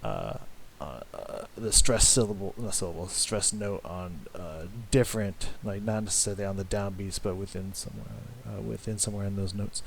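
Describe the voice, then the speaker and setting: A man giving casual music reaction commentary, rambling and halting with many fillers and restarts, swearing casually and humming along with the riffs. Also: sits low, gravelly, a little hiss or hum. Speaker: music reaction channel host.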